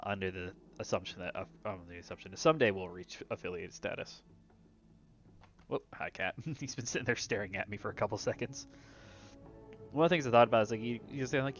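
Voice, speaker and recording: A man streaming a video game, chatting casually and playfully, with asides to his cat at home. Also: fairly low pitch. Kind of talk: casual gameplay commentary. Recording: dull lo-fi with faint music.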